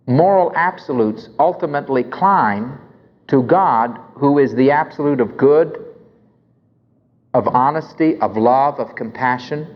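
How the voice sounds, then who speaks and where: A man lecturing on Christian apologetics, emphatic and full of anecdotes, acting out the conversations he tells about. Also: fairly high pitch. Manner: emphatic, anecdotal, acts out dialogue. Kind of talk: recorded lecture with storytelling. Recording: dull recording with long hall reverb.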